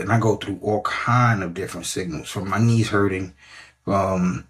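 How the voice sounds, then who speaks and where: A man's voice: fairly low pitch, normal speed, slightly rough. A middle-aged man, a fitness coach giving emphatic, repetitive motivational talk and often checking in with "right?".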